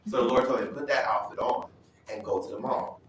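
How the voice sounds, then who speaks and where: A man's voice: medium pitch, quick pace, far from the mic, a little hiss or hum. Man telling a story in an echoey church. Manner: animated storytelling, acting out voices. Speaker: Bible study speaker. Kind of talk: personal testimony. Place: church hall.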